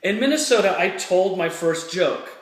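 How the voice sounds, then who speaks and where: Earnest male motivational speaker, high-pitched, emphatic and repetitive, echoey room. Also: expressive, normal speed. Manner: earnest, fired-up, repeats phrases for emphasis. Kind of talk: personal story and motivational talk to camera.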